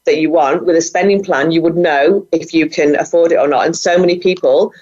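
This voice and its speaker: A middle-aged woman with a lowish voice chats eagerly about her work as a guest, often laughing as she talks. Her voice comes through a muffled, lo-fi video call line. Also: brisk, darkish tone. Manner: enthusiastic, chatty, laughs often. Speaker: guest, budgeting coach. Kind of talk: casual interview talk. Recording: muffled, lo-fi sound.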